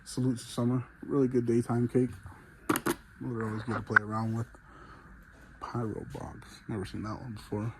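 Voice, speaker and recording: The speaker, a man at medium pitch with little pitch movement, talks at normal speed but leaves long pauses. He's casually vlogging on foot through a large indoor fireworks store, breathless and eager, amid heavy background noise.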